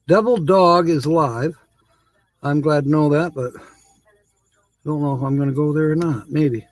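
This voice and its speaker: A man's voice: on the high side, moderate pace, no echo. A man hosting a live stream, chatting casually with viewers, laughing often and reading comments aloud.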